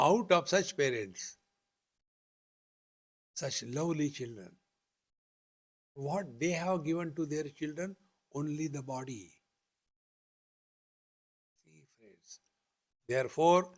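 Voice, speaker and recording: An older man with an Indian accent gives a spiritual talk at an unhurried, measured pace. His voice sits a little high for a man, and he keeps circling back to the same questions. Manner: slow, deliberate, repetitive teaching with rhetorical questions. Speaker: spiritual teacher. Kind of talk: spiritual discourse.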